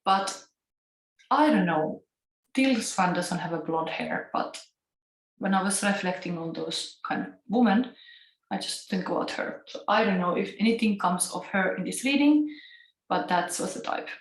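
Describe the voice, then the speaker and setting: Speaking at normal speed in an expressive, medium-pitched voice, a tarot reader from Finland with an Italian-tinged Finnish accent chats and muses casually, laughing a lot. The room gives her voice an echo.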